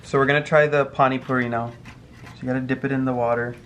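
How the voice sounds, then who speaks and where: A man's voice: medium pitch, little pitch movement, quick pace, fairly bright tone. A young man hosting a casual food vlog, talking straight to his viewers in an upbeat way. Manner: upbeat, addresses viewers directly. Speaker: vlog host. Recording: noisy handheld camera audio.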